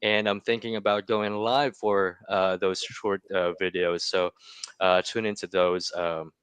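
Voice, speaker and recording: A man co-hosting a casual sports podcast, talking hesitantly with many pauses. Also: sits low, flat delivery, a bit bright, clear, resonant tone, no echo. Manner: hesitant, lots of fillers. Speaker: podcast co-host.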